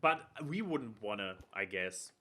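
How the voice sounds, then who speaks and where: A young man with a bright, forceful voice, chatting casually on a podcast. He talks in halting bursts, stopping often with fillers and restarting his sentences. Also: lowish voice, very animated. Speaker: podcast co-host. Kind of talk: casual chat.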